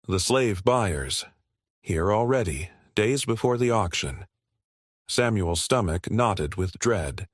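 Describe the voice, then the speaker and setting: A man narrating a scripted story in a steady, measured way. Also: fairly low pitch, no room sound, studio quality.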